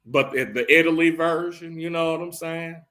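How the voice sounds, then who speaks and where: Profane, animated comedic storyteller man. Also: on the high side, normal speed. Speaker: comedic movie recapper. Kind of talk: casual comedic movie recap.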